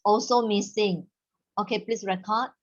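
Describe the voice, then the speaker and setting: A woman's voice: medium pitch, steady tone, highs cut off. A woman teaching a Mandarin class online, instructive and slipping Malay words into her English. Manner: instructive, mixes in Malay words, models tones slowly.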